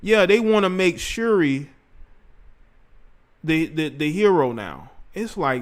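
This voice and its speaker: A man's voice: a little high, sing-song, slow pace, pauses often. A man hosting a casual livestream, rambling in slang and talking straight to his chat. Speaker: livestream host.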